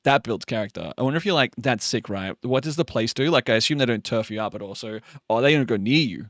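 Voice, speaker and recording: A sleepy man with a Queensland Australian accent chats loosely with his viewers, laughing often and swearing freely. His pitch swings around a lot as he talks. The sound is close and dry, with no room echo. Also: animated, quick pace, a bit bright. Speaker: livestream host. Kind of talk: casual chat reading viewer messages.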